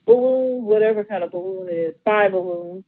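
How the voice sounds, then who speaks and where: A woman's voice: mid-range voice, steady tone, normal speed. A woman calling in to a talk show and chatting in an easygoing way. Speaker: caller. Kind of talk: casual chat. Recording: tinny phone line.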